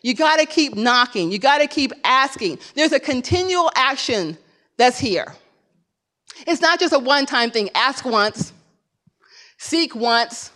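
A high-pitched woman preaching a sermon. She presses her points with insistent, repeated exhortations and a steady conversational drive. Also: a little slow. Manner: emphatic, repetitive exhortation.

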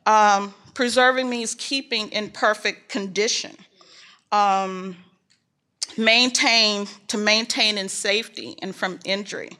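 A woman's voice: mid-range voice, steady tone, takes it slowly, pushed and bright. A middle-aged woman leading a Bible study group in a casual teaching talk, conversational and full of fillers and personal stories.

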